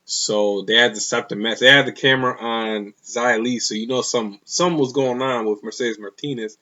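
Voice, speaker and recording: A man's voice: mid-range voice, steady tone, normal speed, pushed and bright, highs cut off. A man casually reviewing a wrestling show, rambling and opinionated, with many fillers.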